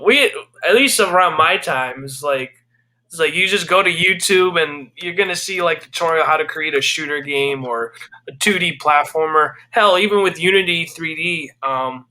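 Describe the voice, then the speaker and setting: A young man, a game developer guest, chats casually and eagerly, talking at length and responding with easy agreement. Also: on the high side. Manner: eager and talkative, warm agreement. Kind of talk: casual chat.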